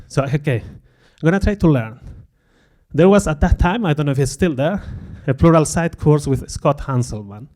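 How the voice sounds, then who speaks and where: A man giving a conference talk before an audience, speaking candidly and poking fun at himself, with frequent laughs and lively acted-out quotes. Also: a little high, moderate pace. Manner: candid, self-deprecating, laughs often; acts out quoted remarks in a livelier voice.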